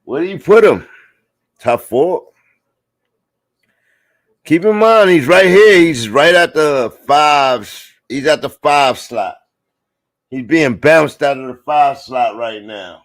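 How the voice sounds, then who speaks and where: Excitable man calling a game live. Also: a little high, slow, long pauses. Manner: excitable, bursts into loud exclamations on big plays; slangy, talks straight to viewers. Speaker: live play-by-play host. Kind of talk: casual live play-by-play commentary.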